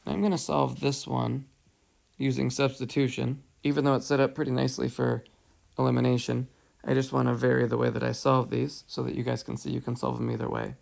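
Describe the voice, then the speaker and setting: Gravelly male math teacher. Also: mid-range voice, completely flat delivery, fairly quick, darkish tone. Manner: patient, explains step by step, asks "right?". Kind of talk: whiteboard math lesson. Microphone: headset or tablet mic, voice-over screencast.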